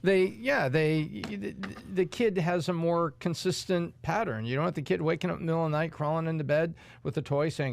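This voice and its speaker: Male co-host, slightly raised pitch, gravelly, earnest explaining, dry sound. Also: brisk, hardly any pauses, dry recording. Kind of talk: casual chat.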